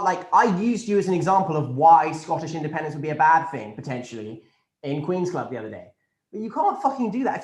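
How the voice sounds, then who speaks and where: A smug, entitled Tory minister, as a comedian puts him on, speaking in a plummy upper-class English voice and rambling through posh fillers and casual swearing. The voice sits at a middle pitch and sounds like it was recorded in an echoey room. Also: male voice. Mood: indignant. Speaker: comedian in character as a government spokesman. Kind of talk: improvised satirical press conference.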